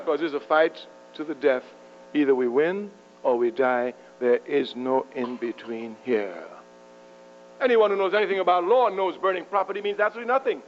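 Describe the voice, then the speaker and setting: A man's voice: a little high, lively intonation, moderate pace. A man delivering an impassioned political speech to university students, rhetorical and fiery, chuckling at his own jokes. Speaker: public speaker addressing university students. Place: university lecture hall. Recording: muffled archival tape with mains hum.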